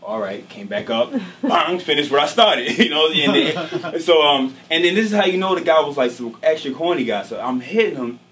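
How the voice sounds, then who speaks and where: A man telling a casual, slangy, animated story on stage before a live audience, often checking in with his listeners. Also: on the high side, normal speed. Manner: casual, slangy, animated, peppered with "you know what I'm saying". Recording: distant mic, noisy live venue.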